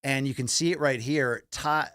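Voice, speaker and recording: A man's voice: mid-range voice, fairly even intonation, moderate pace, a bit bright, dry recording. A man hosting a sports talk show in a studio, joking and teasing his co-host while steering the topics. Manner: joking, teasing, runs the rundown. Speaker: podcast co-host.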